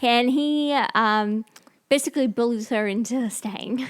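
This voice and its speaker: A woman's voice: a little high, unhurried. Playful woman recapping a film. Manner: playful, giggly, animated plot retelling. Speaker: podcast co-host. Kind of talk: casual film recap chat. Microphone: podcast microphone.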